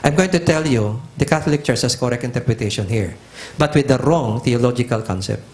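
A man's voice: medium pitch, fairly quick, darkish tone, slight background noise. A middle-aged Filipino man preaching a teaching sermon, emphatic and repetitive, switching back and forth between languages. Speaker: pastor.

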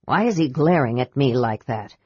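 A woman voicing a gruff old male dwarf warrior in a storybook reading, in a deep grumbling voice. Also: animated, moderate pace, dark tone, no echo, exaggerated voice. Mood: suspicious. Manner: gruff, muttering, low growl. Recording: dull dry recording.

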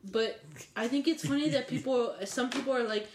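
A woman's voice: mid-range voice, normal speed. A woman co-hosting a podcast, talking casually in a blunt, exasperated way with frequent laughs. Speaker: podcast co-host. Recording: roomy echo.

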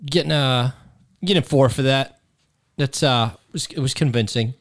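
A man in a comedy podcast, thinking aloud in halting, rambling phrases. His pitch is average. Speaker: podcast panelist. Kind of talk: casual comedy chat.

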